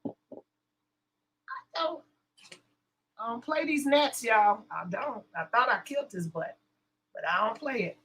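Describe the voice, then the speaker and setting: A woman's voice: a little high, expressive, unhurried, long pauses, a bit bright, poor audio. A woman hosting a casual livestream, sassy and blunt as she talks back to her chat. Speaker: livestream host.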